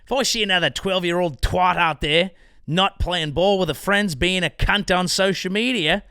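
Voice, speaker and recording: A man's voice: sits high, normal speed, clear, resonant tone, dry recording, clean studio sound. A man putting on an exaggerated mock Australian accent to play a crude, blustering middle-aged male politician. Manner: coarse, shouty, sputtering slang.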